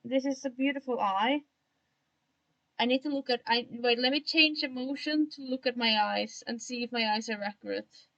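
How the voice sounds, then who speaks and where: Streaming as she draws, a young woman talks casually to herself, poking fun at herself and owning up to the strange put-on tone she has today. She speaks at a moderate pace in a somewhat high, slightly bright voice, and the sound is lo-fi.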